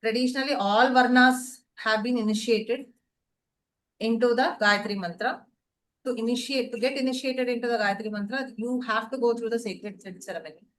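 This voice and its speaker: A woman teacher lectures to a class, her voice set slightly high. She explains patiently, poses questions to the room and then answers them herself. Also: steady tone, normal speed, low-quality recording. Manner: asks and answers her own questions, checks in with students.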